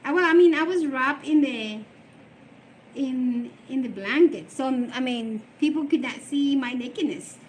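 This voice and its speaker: High-voiced middle-aged woman streaming live. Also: a little slow, darkish tone, slight background noise. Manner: emotional, rambling, with restarts. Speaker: live streamer reading viewer comments. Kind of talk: casual live stream chat.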